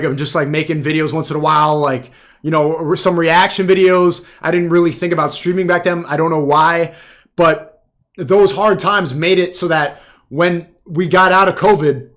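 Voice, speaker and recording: A man with a fairly high voice rambles through a live stream monologue, leaning hard on filler words. His talk runs loose and unpolished, jumping between thoughts. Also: fairly bright tone.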